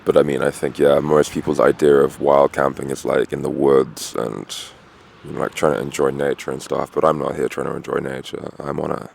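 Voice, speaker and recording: A man's voice: very deep voice, level tone, a little fast, gravelly. A tired, dehydrated man rambling outdoors at a roadside camp, full of fillers and swearing. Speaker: vlogger on a long walk. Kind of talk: rambling casual monologue.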